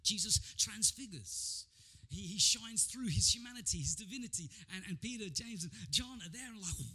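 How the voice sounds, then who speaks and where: A man preaching a sermon as pastor, telling Bible stories with animated energy and frequent stammered repeats. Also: sits high, moderate pace, slightly rough.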